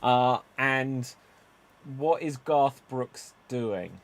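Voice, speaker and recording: A man hosting an improv comedy show, setting up scenes in a brisk, laughing way. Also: medium pitch, lively intonation.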